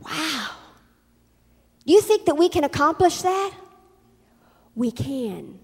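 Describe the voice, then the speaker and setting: Woman pastor preaching, high voice, lots of echo like a big church hall. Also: very animated, a little slow, a little mellow. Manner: emphatic preaching with acted-out quotes. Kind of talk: sermon.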